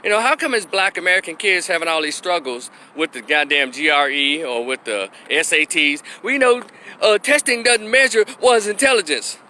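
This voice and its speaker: A man's voice: on the high side, moderate pace, sharp tone, a little hiss or hum. A middle-aged man from Memphis giving a blunt, opinionated monologue for his vlog, now and then acting out the voices he quotes. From Memphis, Tennessee. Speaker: opinion commentator.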